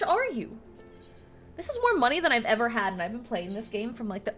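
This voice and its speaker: High, bright woman streamer: excitable, squealy, a bit foul-mouthed, game music under her. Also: fairly quick. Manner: excitable, squealing, swears when shocked. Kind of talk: casual live-stream chatter while playing.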